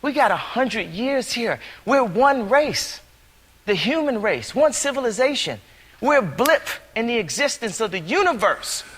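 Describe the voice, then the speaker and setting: A man's voice: very high voice, sing-song, unhurried, a bit bright, slightly rough. Earnest rambling man in reverberant clip. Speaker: interviewee. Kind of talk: interview musing.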